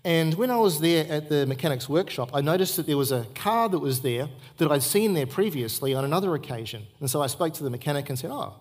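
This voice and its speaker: Here a middle-aged pastor preaches quickly and expressively, his fairly high voice rushing on with few pauses. Earnest in his storytelling, he repeats the main points of his church sermon to drive them home.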